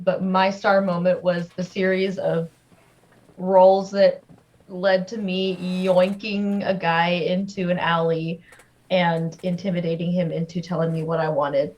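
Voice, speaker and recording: Woman, tabletop player, low voice, playful, muffled lo-fi audio. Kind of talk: casual chat on a game stream.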